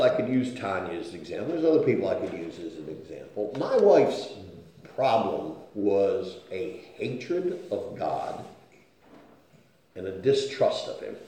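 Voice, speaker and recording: A man's voice: lowish voice, mellow. A man preaching a sermon in an earnest tone, often stopping to ask his listeners "okay?". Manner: earnest, keeps asking "okay?" to check on listeners. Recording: very echoey room.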